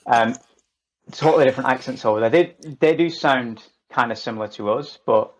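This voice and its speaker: A man from northern England with a Lancashire accent, middle-aged, talking as a podcast guest. He keeps it casual and jokey, with the odd swear word dropped in, at an ordinary pitch for a man. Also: brisk, poor audio. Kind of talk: casual chat.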